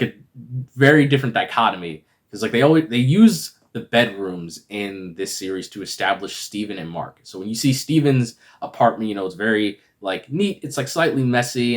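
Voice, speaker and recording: A man giving a casual, rambling review that recaps a TV episode and is full of fillers. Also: lowish voice. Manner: rambling, filler-heavy retelling. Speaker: video reviewer.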